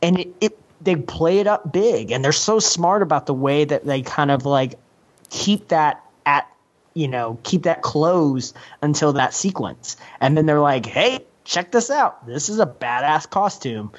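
A man co-hosting a casual movie podcast, starting with repeated restarts and then talking in quick bursts. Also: fairly high pitch. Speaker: podcast co-host. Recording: slightly dull lo-fi audio.

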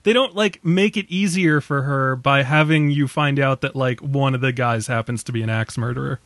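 A man's voice: medium pitch, normal speed, a bit bright, no echo, clean studio sound. A young man co-hosting a film podcast in casual chat, enthusiastic and laughing often.

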